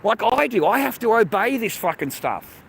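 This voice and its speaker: A man's voice: sits high, big pitch swings, normal speed, gravelly, a bit bright. A middle-aged Australian man ranting casually to the camera, agitated and profane, repeating himself and calling the listener mate. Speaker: vlogger. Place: outdoors by a road. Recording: outdoor street noise, traffic.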